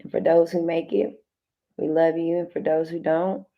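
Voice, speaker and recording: Gravelly low-voiced woman reading tarot. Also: flat delivery, normal speed, phone-quality sound. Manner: loose, slangy and direct, talks straight to the listener; repeats phrases and restarts often. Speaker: tarot card reader. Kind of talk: casual tarot reading addressed to viewers.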